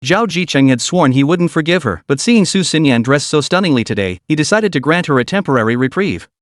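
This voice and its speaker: A man narrating a scripted comic story recap in an even storytelling manner. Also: on the high side, a little fast, few pauses, dry recording, studio quality.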